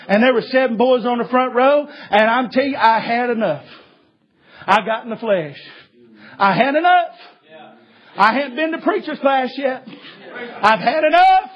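A man's voice: very high voice, moderate pace. A male preacher, telling a story in a sermon in a folksy way and starting many lines with 'uh'. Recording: dull lo-fi recording.

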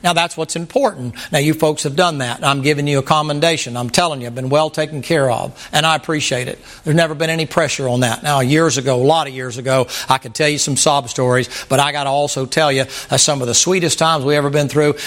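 A man's voice: on the high side, fairly even intonation, quick pace, hardly any pauses, a bit bright. An older man, a pastor giving a folksy, humorous sermon. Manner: folksy, humorous, plainspoken preaching.

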